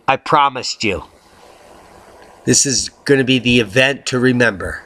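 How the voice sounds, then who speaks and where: A middle-aged man hosting a video blog, rambling through weather news with jokes, rhymes and theatrical swings into high baby talk. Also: bright, forceful tone. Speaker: video blogger host. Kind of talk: rambling weather commentary vlog.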